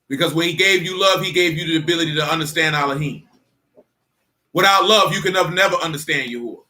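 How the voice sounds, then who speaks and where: Man preaching casually, high voice, bright tone, emphatic, colloquial, drags out key phrases. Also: fast talker. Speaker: teacher in a religious assembly. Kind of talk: informal sermon.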